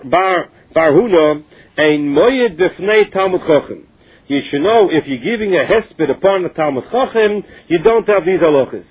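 A man with a high, husky voice teaches a Talmud lesson. He reads a phrase and then explains it in English. The sound comes through a thin, tinny phone line.

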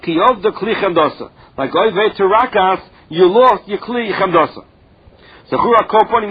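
A man's voice: high voice, slightly rough. A man teaching a Talmud lesson, reading each phrase and then explaining it in plain words. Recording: dull lo-fi recording.

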